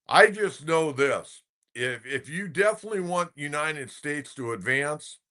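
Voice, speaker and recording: Older male sports-radio host, bright, chatty, opinionated storyteller. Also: mid-range voice. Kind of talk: casual sports talk commentary.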